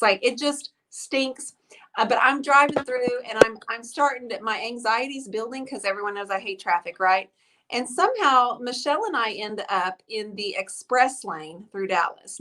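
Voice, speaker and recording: A woman's voice: a little high, noisy background. Bubbly woman hosting a live stream. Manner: bubbly, storytelling, effusive. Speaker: host of a live painting stream. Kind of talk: casual live-stream chat.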